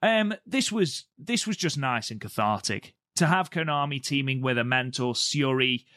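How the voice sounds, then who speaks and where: Enthusiastic and casual, this man co-hosts a podcast, his speech full of fillers. He has a mid-range, bright, forceful voice with lively pitch movement at a moderate pace, and the studio-quality recording is dry.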